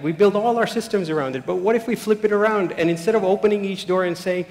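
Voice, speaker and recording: A man's voice: high voice, fast talker, hardly any pauses. Man telling stories in an echoey hall. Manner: animated, anecdotal, acts out quotes, soft-spoken at key points. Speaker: speaker giving a talk. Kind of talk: storytelling public talk. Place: large hall. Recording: echoey hall with long reverb.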